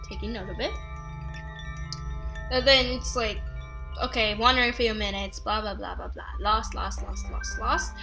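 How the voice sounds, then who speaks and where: A young woman giving chatty, self-mocking commentary while playing a game, swinging between low mumbles and sudden loud outbursts. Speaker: gaming YouTuber. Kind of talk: let's play commentary. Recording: faint game music behind.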